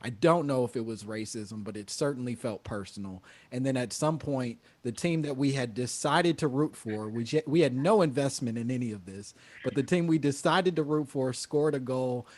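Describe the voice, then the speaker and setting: A man's voice: mid-range voice, moderate pace, few pauses. A man in his thirties, a comedian guest telling stories in casual chat and acting out quotes. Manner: animated, acts out quotes.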